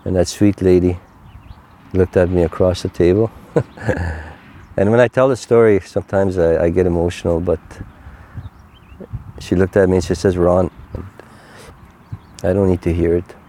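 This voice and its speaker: Older man, earnest testimony-style storyteller; very low, monotone, warm timbre. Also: slight background noise. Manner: earnest, heartfelt, unhurried storytelling. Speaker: interview guest. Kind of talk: personal faith testimony.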